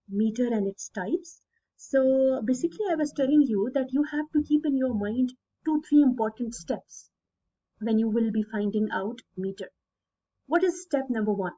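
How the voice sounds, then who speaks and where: A woman's voice: fairly high pitch, mellow, lo-fi sound. A woman teaching English literature to students in a recorded lecture, addressing them directly and stressing syllables aloud. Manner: addresses students directly, repeats key points.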